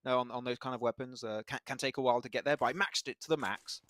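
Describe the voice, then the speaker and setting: A man casting a live esports match in a chatty, excitable way, laughing often. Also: medium pitch, rapid-fire, dry recording. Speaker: esports caster.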